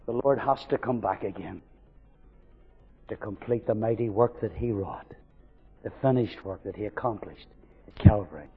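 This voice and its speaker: A man preaching a sermon, swinging from loud fervent declarations to hushed storytelling. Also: fairly low pitch, normal speed, long pauses, slightly rough. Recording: dull recording with long hall reverb.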